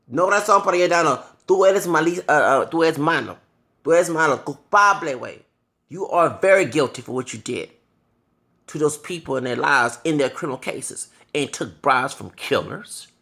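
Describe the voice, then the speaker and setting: A fairly high, gravelly male voice rants in an angry monologue. He curses constantly and keeps stopping to apologize for it. He sounds like a man in his thirties venting to his viewers. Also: a bit bright. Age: 30s. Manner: heated, profane, ranting, with repeated apologies for cursing. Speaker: vlogger.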